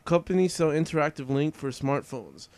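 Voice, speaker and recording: A laid-back man tells a story in a casual podcast chat. He hesitates and trails off mid-sentence. His voice sits a little high for a man. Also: animated, moderate pace, darkish tone, no echo.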